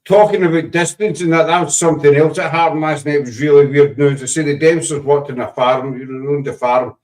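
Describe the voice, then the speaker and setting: A man's voice: fairly high pitch, fairly even intonation, fairly quick, darkish tone, roomy sound, distant mic. A Scottish man with a Glaswegian accent, chatting casually and rambling as the host of a paranormal show. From Scotland. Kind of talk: casual chat.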